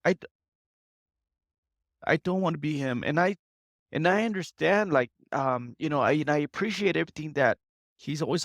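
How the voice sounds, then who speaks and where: A man in his thirties, a podcast guest, speaking tearfully in an earnest, halting way and often repeating himself. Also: fairly high pitch, vocal fry, a bit bright, no echo, clean studio sound. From United States and Mexico. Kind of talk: emotional interview talk.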